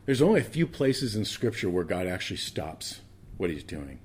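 A man preaching a morning sermon as pastor, swinging from loud emphatic lines to hushed asides and often repeating words as he restarts. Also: low voice, sing-song, normal speed, husky.

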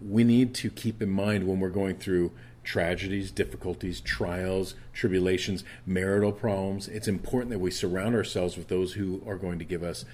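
Deep-voiced middle-aged man preaching. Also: fairly even intonation, normal speed, hardly any pauses, a little mellow. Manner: earnest, conversational preaching with frequent restarts. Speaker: pastor. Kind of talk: sermon.

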